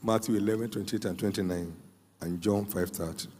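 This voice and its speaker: An older man preaching a sermon, emphatic, repeating phrases for weight with dramatic pauses. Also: fairly low pitch, fairly even intonation, darkish tone. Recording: long hall reverb.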